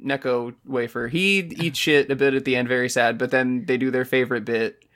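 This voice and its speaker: A man's voice: medium pitch, steady tone, a little fast, a bit bright. A man co-hosting a podcast, recapping an anime with sardonic, crude, exaggerated mockery. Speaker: podcast co-host. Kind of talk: casual anime recap chat.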